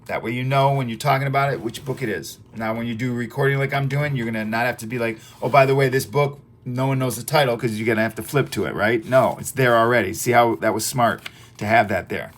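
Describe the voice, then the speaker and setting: Male teacher, mid-pitched, audio lesson; reads his book aloud, repeats points, checks in with listeners. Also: quick pace. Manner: chatty and repetitive, quizzing listeners with "right?" and "okay?". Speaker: teacher reading through his self-help book. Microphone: audio-only recording.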